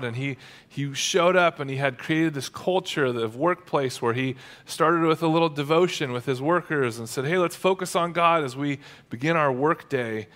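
A male pastor delivering a sermon with energy and a conversational tone. His voice sits a little higher than most men's. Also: fairly bright tone.

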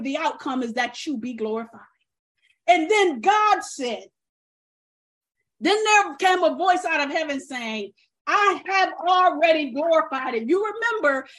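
A woman with a very high voice preaching a sermon. She builds to loud, fervent outbursts and then drops to hushed asides, quoting scripture with passion.

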